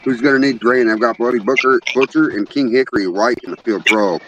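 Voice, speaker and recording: A man's voice: on the low side, steady tone, normal speed. A man hosting a casual livestream chat, joking and cursing as he reads out names from the chat. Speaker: podcast host. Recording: muffled with clear background noise.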